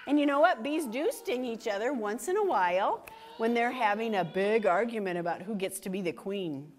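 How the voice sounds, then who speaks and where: A woman reads a picture book aloud to young children, stopping often to ask them questions. Her voice sits fairly high and swoops up and down with lively energy. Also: normal speed, a little hiss or hum. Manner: animated, questions for the kids. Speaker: children's storytime reader.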